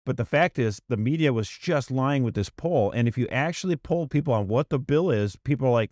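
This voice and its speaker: A man's voice: mid-range voice, no echo, studio quality. Emphatic man co-hosting a podcast. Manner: fast, emphatic, animated with restarts. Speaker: podcast co-host. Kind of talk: casual political chat.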